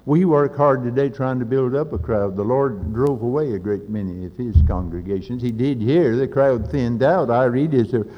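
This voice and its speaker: Fervent preacher in an echoing hall. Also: male voice, medium pitch, moderate pace, hardly any pauses. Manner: fervent, rising to loud urgent peaks, folksy asides. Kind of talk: sermon. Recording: old lo-fi recording in a reverberant hall.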